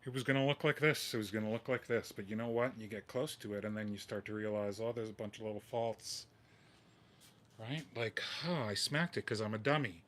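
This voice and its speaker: A man's voice: lowish voice, a little fast, a bit bright. A man hosting a live guitar-modding vlog at his workbench indoors, venting with weary, sighing frustration and repeating himself. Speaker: guitar modding channel host. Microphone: camera mic at a workbench.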